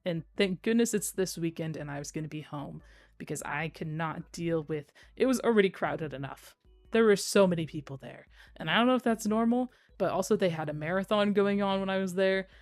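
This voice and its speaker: A woman's voice: on the low side, expressive, a little fast, darkish tone, no room sound, soft background music. A young adult woman streaming, chatting casually and playfully, with frequent giggles and rambling asides. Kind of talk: casual livestream chat.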